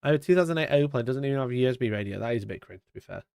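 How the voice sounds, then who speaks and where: A British man hosting a casual live stream, chatty and mock-indignant, talking into a boom-arm mic. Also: lively intonation, rapid-fire, creaky, darkish tone, clear, resonant tone, dry recording, studio quality. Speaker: streamer host. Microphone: studio mic on boom arm.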